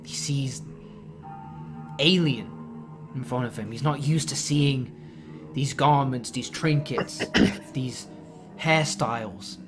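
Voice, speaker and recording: Game master, male, mid-pitched, casual rambling narration over a music bed. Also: slow, long pauses. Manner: loose, filler-heavy narration. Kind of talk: narrating a horror tabletop game.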